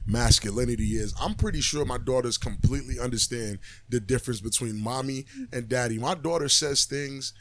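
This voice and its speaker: A man's voice: mid-range voice, brisk, few pauses, no room sound. Blunt, profane man in casual chat. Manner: blunt, profane, animated storytelling. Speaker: podcast co-host.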